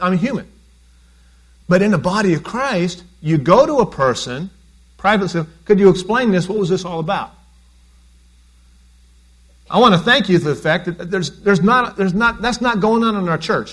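Man preaching, higher voice. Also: fairly bright tone. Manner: conversational preaching, asks the congregation questions. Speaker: pastor. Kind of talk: sermon.

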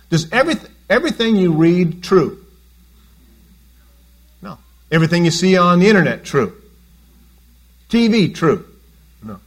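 A man preaching a conversational sermon as a pastor, often asking his congregation questions. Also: sits high.

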